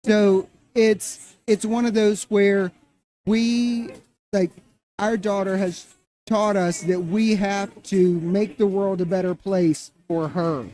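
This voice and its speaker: A middle-aged man speaking as a guest in an interview, earnest and halting, often repeating phrases. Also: sits high, fairly even intonation, mellow. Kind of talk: casual interview.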